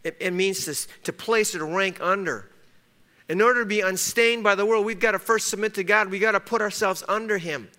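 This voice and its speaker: A man's voice: sits high, brisk, bright, forceful tone. A man preaching a sermon as pastor, emphatic and fond of repeating key phrases.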